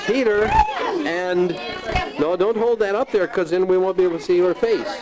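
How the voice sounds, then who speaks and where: A woman's voice: mid-range voice, very animated, normal speed, low-quality recording. A woman hosting an event, asking children friendly, coaxing questions. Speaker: event host interviewing children. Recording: home video over loud crowd.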